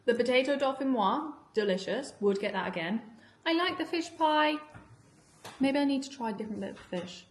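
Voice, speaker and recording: A woman's voice: high-pitched, expressive, moderate pace, noisy background. Chatty woman in an echoey kitchen. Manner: chatty, peppered with "like", laughs often. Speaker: food vlogger. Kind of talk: casual chatty vlog while cooking. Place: home kitchen.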